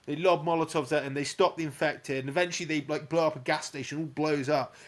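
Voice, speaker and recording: A young man recapping a film for his co-hosts in loose, profane pub-chat style. He tells it in a rush, dropping in shouted cries and bits of dialogue as he goes. His voice sits a little on the high side. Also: quick pace. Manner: sweary, animated retelling with little sound effects. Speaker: podcast co-host.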